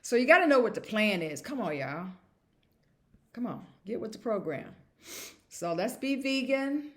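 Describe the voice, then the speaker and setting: A woman's voice: on the high side, sing-song, moderate pace, fairly bright tone. A woman vlogger talking to camera in a casual monologue, emphatic and repetitive and chuckling at herself.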